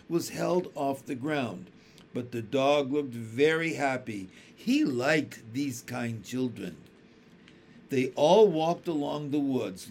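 A man reading a children's book aloud with expressive storytelling. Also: a little high, a little hiss or hum. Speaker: audiobook reader.

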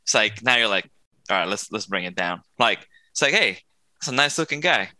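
A man's voice: fairly low pitch, animated, a little fast, bright, forceful tone. A man co-hosting a podcast, explaining his take in a casual, storytelling way. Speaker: podcast co-host.

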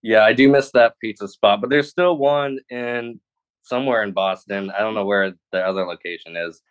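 A man's voice: on the low side, moderate pace, clear, resonant tone. A man in casual chat, laid-back and agreeable. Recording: dull lo-fi sound.

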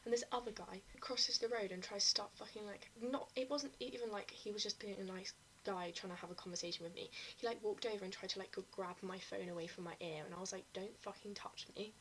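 A woman's voice: mid-range voice, quick pace, few pauses, a little hiss or hum, rough recording. Young woman telling a story. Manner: animated storytelling, frequent swearing. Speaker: podcast co-host. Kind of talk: casual chat.

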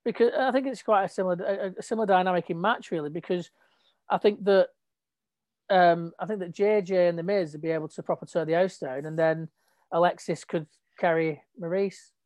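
Female guest, lively and blunt, dry recording. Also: on the low side, fairly quick, dry recording. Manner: lively, opinionated, chatty. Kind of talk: casual chat about wrestling.

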